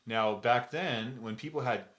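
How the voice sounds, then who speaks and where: A man's voice: medium pitch, unhurried, a bit bright. A man co-hosting a casual chat, telling rambling, jokey stories and slipping into voices for anecdotes. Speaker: podcast co-host.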